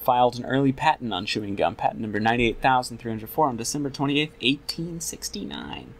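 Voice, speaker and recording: Man running a tabletop game, lively pitch. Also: a little fast, creaky, a little hiss or hum. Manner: improvised, laughs often. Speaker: game master.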